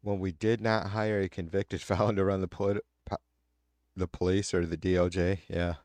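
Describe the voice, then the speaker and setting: Brief: male live-stream host, low voice, dry close sound, heated and profane. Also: flat delivery, normal speed, a little mellow, dry recording. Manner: blunt, heated, swears often. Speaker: live stream host reading viewer comments. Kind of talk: casual profane political rant.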